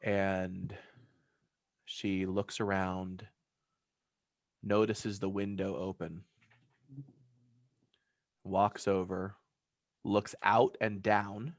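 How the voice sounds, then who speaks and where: Casting: low, gravelly man as game master, rambling scene narration, dry mic. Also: little pitch movement, very slow, pauses often, no room sound. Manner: loose, filler-heavy scene description.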